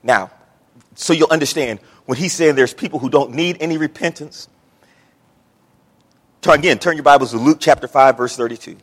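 A man preaching a sermon in a lively, folksy way, acting out the words he quotes. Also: on the high side, normal speed, long pauses, long reverb tail. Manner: animated preaching, Southern folksy speech, acts out quotes. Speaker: pastor.

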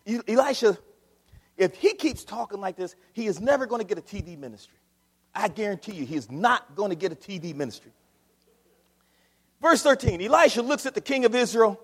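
A man preaching a sermon as pastor, swinging from quiet asides to loud shouts. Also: high-pitched, sing-song, brisk, breathy edge. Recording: long hall reverb.

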